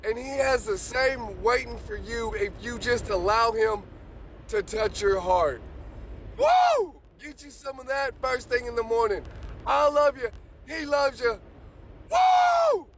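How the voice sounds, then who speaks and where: A man giving an excited morning pep talk, shouting and whooping with joy. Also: extremely high pitch, a little slow, a little hiss or hum. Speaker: vlogger.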